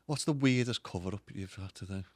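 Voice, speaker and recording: A man's voice: sits low, a little fast, no room sound. A man hosting a podcast, asking casual questions and teasing his guest. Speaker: podcast host. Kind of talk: casual interview.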